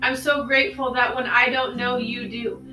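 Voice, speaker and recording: A woman's voice: fairly high pitch, level tone, normal speed, recorded from a distance. A woman co-hosting a podcast, sharing a devotional thought and then praying aloud in an earnest, repeating way. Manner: earnest, prayerful, repeats phrases. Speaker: podcast co-host. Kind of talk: spoken prayer and devotional talk. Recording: echoey room, voice off-mic.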